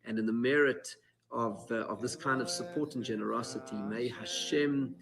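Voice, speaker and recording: A man's voice: medium pitch, brisk, vocal fry, over music, rough recording. A man, a community leader, giving an earnest address that ends in a blessing, with Hebrew phrases mixed into his English. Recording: crowd noise behind.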